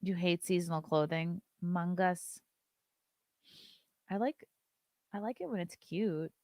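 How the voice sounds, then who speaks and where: Gravelly low-voiced woman hosting a stream. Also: a little slow, darkish tone, dry recording, clean studio sound. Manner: chatty and loose, reads viewer chat aloud and swears casually. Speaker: live-stream show host. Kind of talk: casual live-stream chat.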